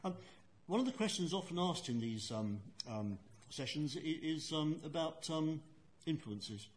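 A man interviewing a poet in a literary conversation, pausing often with ums and restarts. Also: on the high side, animated, slight background noise. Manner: hesitant, lots of ums and restarts.

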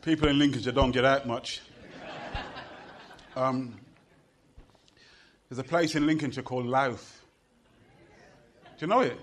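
A man's voice: mid-range voice, a little slow, long pauses, slight background noise. A middle-aged British man performing poetry to a live audience, with a rhythmic chanting delivery and playful banter with the crowd. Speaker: performance poet.

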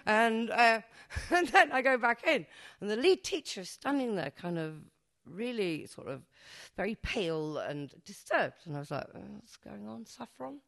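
A woman's voice: medium pitch, animated, moderate pace, a bit bright. Brief: woman, performance poet, live comic storytelling, chatty and cheeky, swears, laughs at herself. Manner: chatty, self-mocking, swears freely, laughs at own jokes. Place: stage before a live audience.

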